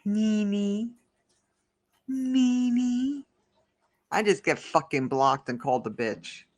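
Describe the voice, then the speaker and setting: A woman's voice: extremely low pitch, moderate pace. A woman talking casually to her livestream audience and reading out their comments as she goes. She rambles and restarts, and she turns heated and ranting when something annoys her. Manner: rambling, heated, talks back to the chat. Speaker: livestream host.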